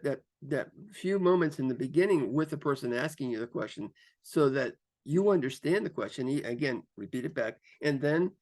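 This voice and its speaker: Gravelly-voiced man coaching with lively emphasis. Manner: lively, shifts pace and pitch for emphasis; repeats phrases, frequent fillers. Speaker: career coach. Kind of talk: instructional talk to camera.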